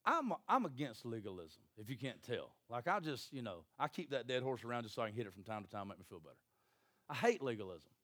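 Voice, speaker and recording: A man, preaching a sermon in a church with jokey, animated storytelling and acted voices. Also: medium pitch, fast talker. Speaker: pastor.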